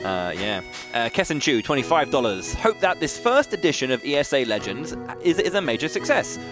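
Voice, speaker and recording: A man's voice: medium pitch, sing-song, brisk. A man hosting a live speedrun stream, reading out donation messages in a friendly, self-mocking way. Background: game music.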